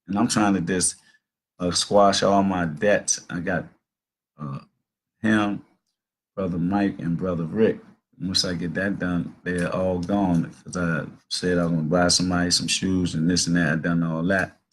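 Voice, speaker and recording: A man's voice: low voice, steady tone, a little slow, slight background noise. A man around sixty hosting a talk show, telling stories in a loose, earnest monologue full of "man" and "you know". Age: about 60. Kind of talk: casual spoken monologue.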